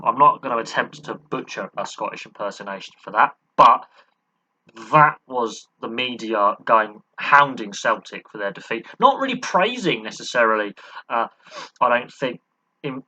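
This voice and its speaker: A man's voice: medium pitch, sharp tone, highs cut off, slight background noise. A man hosting a football history channel, talking through a club's story in a loose, off-the-cuff way. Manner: loose and conversational, talks off the cuff. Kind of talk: casual unscripted history explainer.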